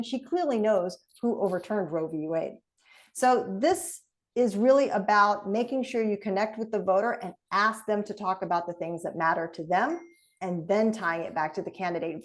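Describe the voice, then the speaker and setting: A woman trainer speaks in a mid-range voice over a video call, coaching in a lively, conversational way. She leads the session with an easy, direct delivery, and her pitch sits neither high nor low.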